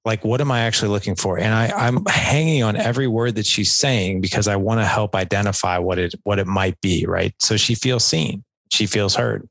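A middle-aged man speaks in a low, gravelly voice, earnestly walking through how to listen. He is a podcast guest in a conversational interview, breaking into small acted-out exchanges to make his point. The sound is dry and close. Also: brisk, few pauses, a bit bright, dry recording, poor audio. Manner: earnest, explains with acted-out example dialogue. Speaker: podcast guest, dad coach.

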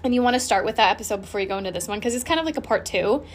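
Woman rambling on her own podcast, candid and bubbly, cusses a lot, voice kinda high. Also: lively intonation, rapid-fire. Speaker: podcast host. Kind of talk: casual solo podcast chat.

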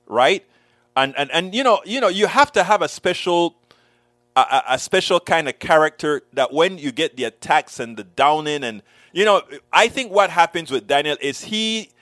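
A man hosting a talk show, speaking in an animated, preachy way and often repeating his words. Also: on the high side, dry recording, clean studio sound. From West Indian roots. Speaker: show host. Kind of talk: casual chat.

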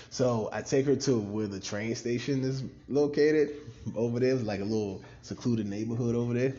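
A man from Maryland telling a wild personal story on a podcast, animated and profane, laughing often. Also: on the low side, dull audio, slight background noise. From Maryland, USA. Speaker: podcast cast member. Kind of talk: casual storytelling.

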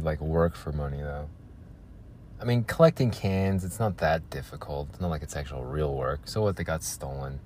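Man, very deep voice, solo podcast host, sarcastic, rambling rant. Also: a little mellow, a little hiss or hum. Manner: sarcastic, ranting, trails off.

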